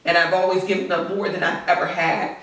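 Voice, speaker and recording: A woman's voice: on the low side, little pitch movement, a little fast, fairly bright tone. A woman in her forties, a podcast guest, talking in a heartfelt, earnest and outspoken way as a mother. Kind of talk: casual podcast chat. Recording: echoey room, distant mic.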